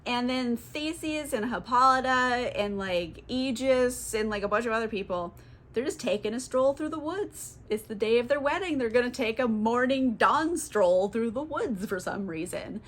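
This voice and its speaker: A woman's voice: fairly high pitch, expressive, normal speed, a bit bright. A woman giving a casual, comic book summary, giggling often, swearing and saying "like" a lot. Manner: giggly, profane, lots of "like". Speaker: book vlogger.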